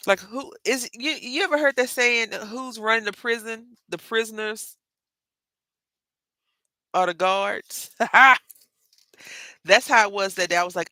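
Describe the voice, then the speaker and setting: A slightly high, pushed and bright voice at normal speed, with no room sound, belongs to a craft livestream host. She has a Southern Texas accent and rambles chattily through a casual live tutorial, frequently saying y'all to viewers.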